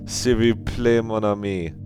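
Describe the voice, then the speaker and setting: A man's voice: on the low side, fairly even intonation, over music, pitched above the performer's own voice, natural voice. A man putting on a hammy mock-French voice. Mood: teasing. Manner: exaggerated, drawn-out joke delivery. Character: hammy mock Frenchman, adult male, playful.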